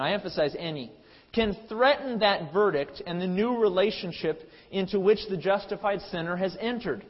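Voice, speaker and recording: A male pastor preaching a sermon. His voice builds to loud, emphatic peaks, then drops to quiet asides, with frequent restarts. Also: sits high, normal speed. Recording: long hall reverb, dull lo-fi sound.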